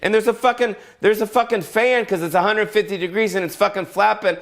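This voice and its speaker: A middle-aged male comedian rants on his own at home, brash and rambling and full of swearing. His voice sits a bit high for a man. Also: a little fast, a bit bright. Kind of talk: solo comedic rant. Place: home in Las Vegas.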